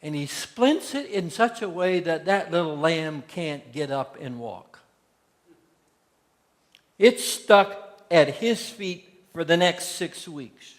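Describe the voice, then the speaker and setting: A man's voice: a little high, lively intonation, slow. Man, pastor, folksy sermon storytelling, acted-out quotes, reverberant sanctuary. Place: church sanctuary. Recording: long church hall reverb.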